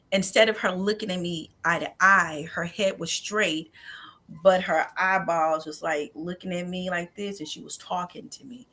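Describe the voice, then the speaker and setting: A nonprofit founder appears as a podcast guest, earnestly and heartfeltly sharing her personal story. Her voice is fairly low, bright and forceful, and at tender moments she drops to a near whisper.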